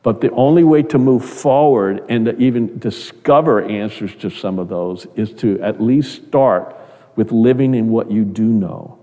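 A man's voice: unhurried, dark tone, big-room sound. A middle-aged man preaching a sermon in an earnest, repeating way. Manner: earnest, repeats words, rises in pitch when quoting others. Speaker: pastor.

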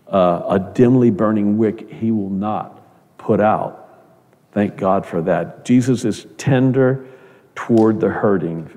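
Guy preaching a sermon, low mellow voice, earnest and chatty, echoey church hall. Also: slow. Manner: earnest, conversational, repeats words.

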